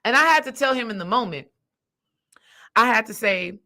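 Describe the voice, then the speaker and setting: Bright-voiced woman telling a story. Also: a little high, normal speed, long pauses. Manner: animated, acts out quoted dialogue; emphatic, addresses listeners directly. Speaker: spiritual coach. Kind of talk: casual storytelling monologue.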